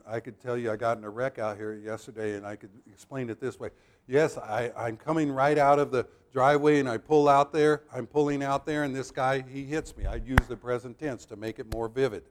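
A man's voice: mid-range voice, darkish tone. A man teaching a Bible passage verse by verse to a congregation, explaining as he goes with restarts and asides.

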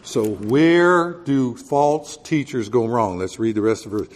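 A Texan male pastor with an expressive, unhurried, mid-range voice delivers a sermon. He preaches verse by verse in a casual, conversational way, rising to emphatic peaks on key points.

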